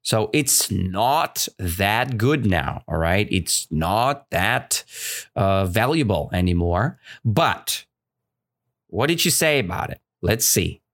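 A woman, reading and explaining a story to learners, with a rising voice when she quotes the characters. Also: very deep voice. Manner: slow, lively, rising voice for quoted lines. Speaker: teacher.

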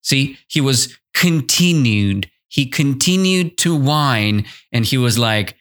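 Lively slow-talking male teacher. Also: medium pitch. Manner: animated, repetitive, asks listeners questions. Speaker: English teacher, podcast host. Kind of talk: explaining a story in a language lesson.

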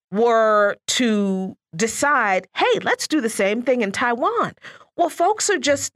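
A woman co-hosting a political talk radio show, speaking in an animated, emphatic way and often laughing while she talks. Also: fairly high pitch, dry recording, studio quality.

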